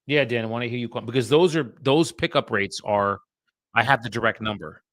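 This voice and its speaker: A man's voice: mid-range voice, brisk, a bit bright, no room sound. A man, a real estate agent chatting bluntly and with some profanity to live-stream viewers while his dialer runs. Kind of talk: casual live-stream chat.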